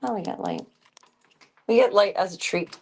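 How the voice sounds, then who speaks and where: A woman's voice: medium pitch, normal speed, creaky, slightly rough. A woman streaming casual chat, narrating chores and talking baby-talk to her cats.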